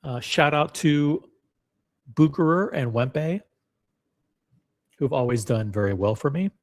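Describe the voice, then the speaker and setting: A man's voice: fairly high pitch, animated, slow pace. A man hosting a live stream, reading a forum post aloud and commenting on it bluntly, with profanity and repeated words. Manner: blunt and profane, repeats himself, talks straight to chat.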